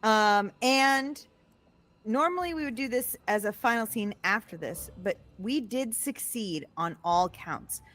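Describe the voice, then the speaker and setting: A woman running a tabletop game as game master, talking quickly and encouragingly. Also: on the high side, animated, fairly bright tone.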